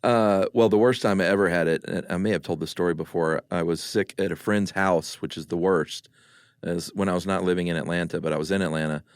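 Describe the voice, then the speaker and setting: A man's voice: deep voice, fairly even intonation, fairly quick, dry recording, clean studio sound. A man, co-hosting a podcast in casual chat and telling rambling, jokey stories. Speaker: podcast co-host.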